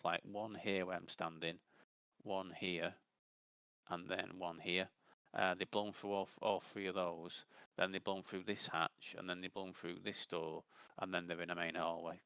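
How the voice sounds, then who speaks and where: A man's voice: sits low, bright, forceful tone, clean tone, dry recording. A man in a casual gaming voice chat, rambling as he explains game rules at length. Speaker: gamer in a voice chat.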